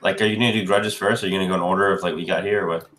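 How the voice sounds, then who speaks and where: A man's voice: low voice, steady tone, very fast, a bit bright. A man in casual chat on a video call, teasing and joking with his friends.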